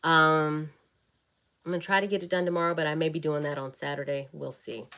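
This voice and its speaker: A woman chatting warmly and bubbly with viewers on a casual livestream. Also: low-pitched, fairly even intonation, brisk, clear, resonant tone. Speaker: wellness vlogger and fitness live-streamer.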